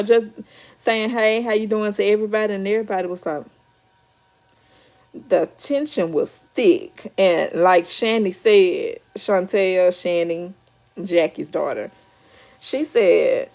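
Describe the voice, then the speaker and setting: Slow chatty woman retelling a reality show ep, does the quotes, laughs a lot. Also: medium pitch, darkish tone. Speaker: reality show recap host. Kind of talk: casual episode recap.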